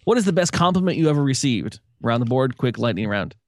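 A man's voice: medium pitch, big pitch swings, quick pace, slight background noise. A man hosting a casual podcast, reading out listener emails and joking wryly with guests. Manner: wry, swearing, reads listener emails. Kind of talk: casual chat.

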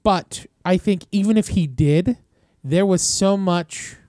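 Podcast guy, slightly high voice, dry close mic, chatty, hedges a lot. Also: takes it slowly, darkish tone, no echo. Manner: chatty, hedging, laughs easily. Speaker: podcast co-host. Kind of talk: casual chat.

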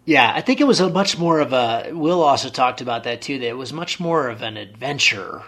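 Brief: man, mid-pitched, easygoing host swapping stories. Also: a little fast. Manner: relaxed, conversational, tells his own anecdotes. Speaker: host, fellow paraglider. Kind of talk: casual interview chat.

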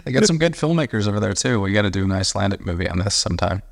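A man's voice: fairly low pitch, animated, rapid-fire, creaky. A man co-hosting a podcast, chiming in with brief agreeable remarks in casual chat. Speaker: podcast co-host.

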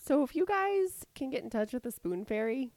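A woman's voice: sits high, very animated, normal speed, a little mellow, no echo. A woman co-hosting a podcast in casual, playful banter, laughing often. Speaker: podcast co-host. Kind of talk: casual chat.

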